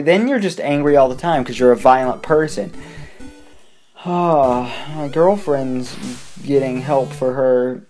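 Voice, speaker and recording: A young adult let's play gamer chatting in a rambling way, humming to themself and breaking into sudden loud outbursts at the game. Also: mid-range voice. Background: faint game music.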